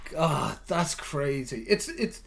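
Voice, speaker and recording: A man's voice: a little high, lively intonation, slow, creaky, fairly bright tone, slight background noise. A British man hosting a podcast in casual chat, laughing often and swearing easily. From United Kingdom. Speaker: podcast host.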